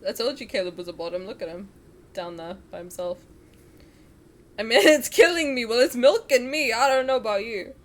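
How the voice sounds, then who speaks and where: Young woman streamer, high and very animated, giggly and crude in chat, drops into story reading between jokes. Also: normal speed. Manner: giggly, crude joking, reads story text aloud. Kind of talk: casual reaction stream chat.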